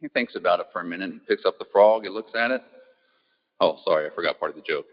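A man giving a relaxed, folksy talk, poking fun at himself and asking the audience questions. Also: low voice, quick pace. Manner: easygoing, self-deprecating, asks the audience questions. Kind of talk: folksy talk opening with a joke. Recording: muffled sound in an echoey hall.

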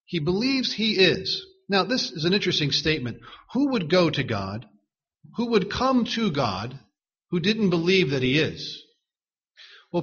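Husky-voiced man preaching a sermon. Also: a little high, fairly bright tone, muffled recording. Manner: measured, emphatic, repeats words for stress.

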